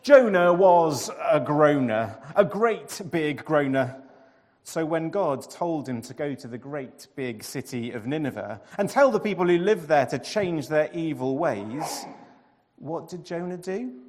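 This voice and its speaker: A man telling a storybook tale in a sing-song way, repeating phrases with dramatic pauses. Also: on the high side, expressive, a little mellow, in a large hall. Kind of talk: expressive storybook narration.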